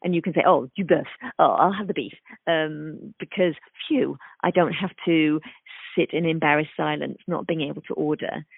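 Speech therapist guest, woman, gravelly edge, explains patiently, tinny dry call line. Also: sits low, moderate pace, no echo. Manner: thoughtful, acts out examples in sing-song voices. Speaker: speech-language pathologist guest. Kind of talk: explanatory interview talk. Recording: dry, phone-like remote call audio.

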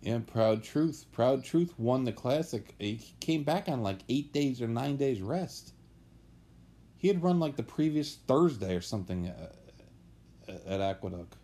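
A man's voice: mid-range voice, animated, a little slow, dark tone. A man chatting casually on a podcast as a guest, telling rambling, anecdotal stories about horse racing.

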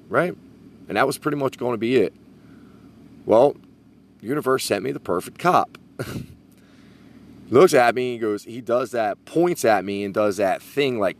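A man's voice: fairly low pitch, expressive, a little slow, gravelly, long pauses, slight background noise. A man telling a story in a casual podcast monologue, swearing and laughing as he talks. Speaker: podcast host.

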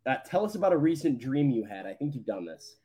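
A man's voice: mid-range voice, big pitch swings, quick pace, a crowd in the background. A man co-hosting a casual morning sports show, talking in an easygoing, plain way with some hesitations. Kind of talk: casual sports radio chat.

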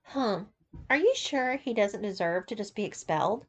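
Woman voicing a snappy mean saleswoman, scornful, lively up-and-down tone, storybook reading. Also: mid-range voice, moderate pace, close to an everyday voice. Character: stern mean female shoe saleswoman.

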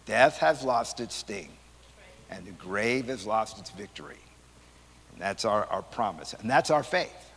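A man, a pastor teaching Sunday school in a rambling, animated, conversational way, often repeating his words. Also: fairly low pitch, a little slow, slight background noise. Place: church hall. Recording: church hall reverb.

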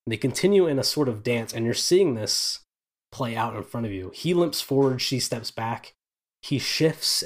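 A man narrating as game master of a tabletop game, in vivid, descriptive storytelling with casual asides. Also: mid-range voice.

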